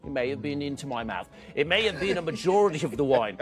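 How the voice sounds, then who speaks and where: A man's voice: fairly high pitch, animated, fast talker, music in the background, close to an everyday voice. A man voicing a roguish, wine-loving male satyr bard who rambles in a sly, conspiratorial way.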